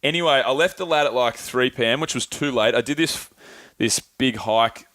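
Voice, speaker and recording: A man's voice: mid-range voice, normal speed, a bit bright, no echo. A young Australian man casually telling travel stories, rambling and swearing with lots of filler words. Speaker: podcast co-host. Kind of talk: casual chat, travel storytelling.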